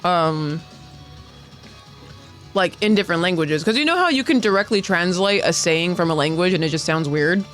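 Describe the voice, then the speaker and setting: High-pitched guy chatting on a podcast, lots of likes and ums, faint music under it. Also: moderate pace. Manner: rambling, filler-heavy, animated when retelling. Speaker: podcast co-host. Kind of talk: casual chat.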